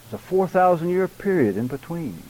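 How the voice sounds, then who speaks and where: A man lecturing a church class on public speaking, enunciating deliberately and stressing key words, sometimes addressing students by name. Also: on the high side, sing-song, a little mellow, low-quality recording. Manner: measured, emphatic, deliberate enunciation.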